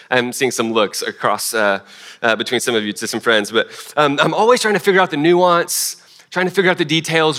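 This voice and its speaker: A man delivering a sermon to a congregation, his voice bright and forward. He talks in a loose, chatty way, with restarts and fillers and self-deprecating asides, at a middling pitch. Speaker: pastor.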